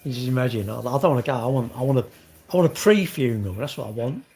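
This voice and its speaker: A man's voice: mid-range voice, quick pace, darkish tone, faint music behind. A middle-aged man, rambling in casual vlog chat, swearing and joking. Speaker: vlogger.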